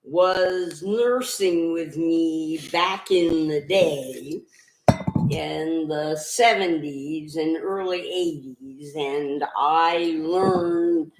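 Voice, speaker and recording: A woman's voice: sits low, a little hiss or hum. An older woman chiming in on a livestream with chatty quips. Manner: chatty interjections, quick quips. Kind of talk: casual chat. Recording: echoey room.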